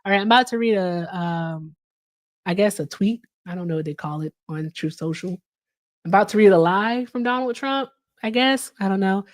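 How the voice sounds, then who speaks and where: A woman in casual chat as a livestream host, animated and answering viewer comments as she talks. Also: mid-range voice, moderate pace.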